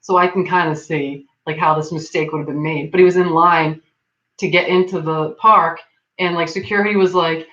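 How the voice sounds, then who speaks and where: A woman's voice: lowish voice, fairly even intonation, normal speed, a bit bright. Rambling woman in an echoey room. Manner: rambling, many "like" fillers, laughs often. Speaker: livestream host. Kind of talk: casual chat. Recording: dull lo-fi sound in an echoey room.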